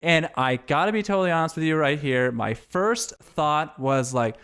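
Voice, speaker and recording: A man's voice: on the high side, very animated, normal speed, fairly bright tone. A man, a podcast guest telling candid, profane, self-reflective stories in casual conversation.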